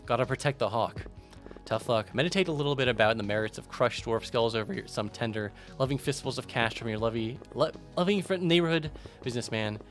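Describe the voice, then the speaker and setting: A man's voice: medium pitch, expressive, a little fast, soft background music, close to an everyday voice. A man playing a sly, crude street hustler. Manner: sly, wheedling, swearing. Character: shady male street businessman, sly and crude.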